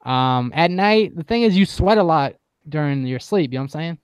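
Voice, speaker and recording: A man's voice: fairly high pitch, animated, fairly quick, clean tone, dry recording. A young man joking and telling stories in casual podcast chat, heavy on slang.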